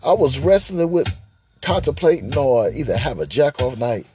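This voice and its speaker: A man's voice: mid-range voice, very animated, moderate pace, warm tone, faint music behind. A man hosting a podcast, telling a crude, rambling comic rant and rapping over a beat. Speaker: podcast host. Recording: hip hop beat playing behind.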